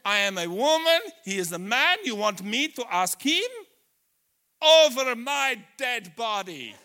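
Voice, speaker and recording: A man's voice: very high voice, very animated, sharp tone, clear, resonant tone, voice pushed up, full character voice. A man putting on an indignant young Romanian woman. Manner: outraged, emphatic, drawn-out.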